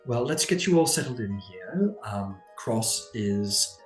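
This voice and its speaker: A man's voice: mid-range voice, animated, slow pace, faint music behind. A man voicing a gracious, slightly fussy noblewoman hostess in a tabletop game. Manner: genteel, flustered. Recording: echoey room.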